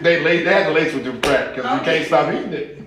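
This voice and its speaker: A man's voice: a little high, fast, heavy reverb, over a noisy crowd. A man preaching a sermon as pastor, folksy and humorous, with rising exclamations.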